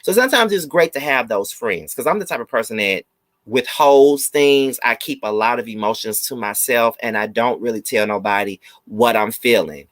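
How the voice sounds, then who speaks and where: A man chatting casually through a live review of a TV episode. He is animated and slips into mocking impressions. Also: mid-range voice, normal speed, no room sound.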